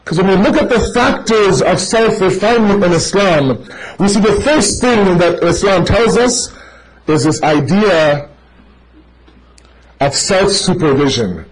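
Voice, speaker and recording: A man with a high, bright-toned voice delivers a sermon to a live gathering. He talks straight to the crowd, calling them brother, and makes his points through short stories. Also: a little slow, low-quality recording. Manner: animated, addressing listeners directly as brother; tells stories to make a point. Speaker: preacher.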